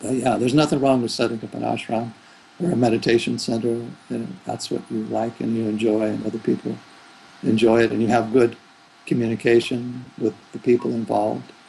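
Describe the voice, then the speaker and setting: A man's voice: medium pitch, level tone, fairly quick, creaky, darkish tone, slight background noise, poor audio. A man who is a spiritual teacher, giving rambling, thoughtful answers in an interview. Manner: rambling, thoughtful, with fillers and restarts.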